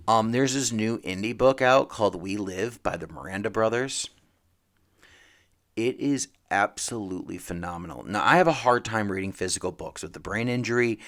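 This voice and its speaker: A man's voice: fairly low pitch, a bit bright. A man hosting a casual comic book podcast, rambling and emphatic, with frequent restarts. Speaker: podcast host.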